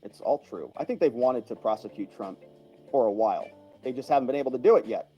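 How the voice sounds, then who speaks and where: A man with a medium-pitched, slightly rough, warm voice talks fast and animatedly while hosting a casual livestream. He chats and chuckles, thanking viewers by name and reacting to their comments. The sound is lo-fi, with soft music in the background.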